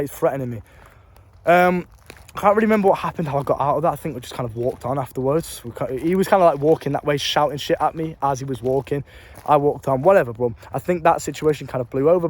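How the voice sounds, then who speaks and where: Young English man, rapid and slightly high-pitched, blunt and sweary, filming on his phone. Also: a little mellow. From England. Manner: blunt, profane, emphatic with street slang. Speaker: vlogger. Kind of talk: casual storytelling advice.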